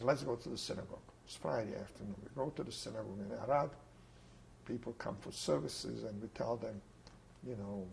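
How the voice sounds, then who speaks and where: An older man from Czechoslovakia giving oral history testimony, telling his story in an unhurried, plain way with pauses. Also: medium pitch, gravelly, darkish tone, slight background noise, low-quality recording. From Ungvar, Czechoslovakia. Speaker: Holocaust survivor interviewee.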